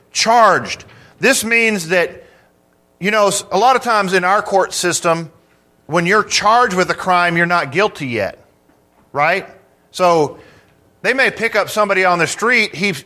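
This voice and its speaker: A man delivers a sermon in a high, bright voice. He takes his time, pausing on key words for emphasis and asking the congregation questions as he works through the verses. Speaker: preacher.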